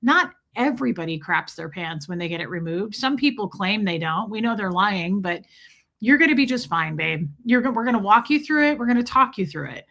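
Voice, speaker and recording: A woman's voice: medium pitch, animated, fairly quick, a bit bright. A woman hosting a casual livestream, chatting and teasing as she greets viewers one by one. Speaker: livestream host.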